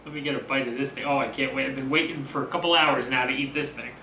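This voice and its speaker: A man's voice: medium pitch, steady tone, fast, recorded from a distance, noisy background. A man chatting casually through a home cooking demo, upbeat and talkative. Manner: chatty, upbeat, talks with mouth full. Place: home kitchen. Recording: roomy echo, voice from off-mic. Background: sizzling food on a grill.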